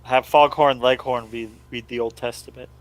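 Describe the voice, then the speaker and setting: A man's voice: mid-range voice, fairly even intonation, normal speed, a crowd in the background, rough recording. A man adds dry quips to a casual podcast chat. His voice sits mid-range for a man. He chimes in briefly rather than leading the talk.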